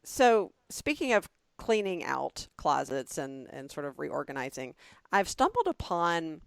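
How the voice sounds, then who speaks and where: A woman in her forties chatting on a podcast, with a low, gravelly voice. She talks in a chatty, self-deprecating way and throws in animated asides. The sound is close and dry, with no room around it. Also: unhurried, no echo. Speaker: podcast co-host. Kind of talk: casual chat.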